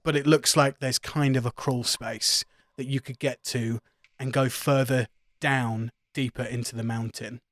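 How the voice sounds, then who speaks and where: A man running a tabletop game as game master, playful with the players and steady when reading lore aloud. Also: mid-range voice, a little slow, no echo.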